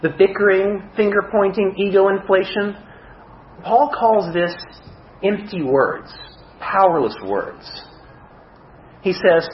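A man preaching a sermon as a pastor, animated, with self-mocking humor. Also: high voice, slow, pauses often, reverberant, lo-fi sound, slight background noise.

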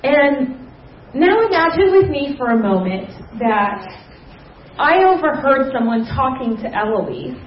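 A young woman giving an earnest personal testimony at a church gathering, with soft fillers and a confiding manner. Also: sits high, very animated, measured pace, recorded from a distance, a little hiss or hum. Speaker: church speaker sharing testimony. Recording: roomy hall, slightly dull sound.

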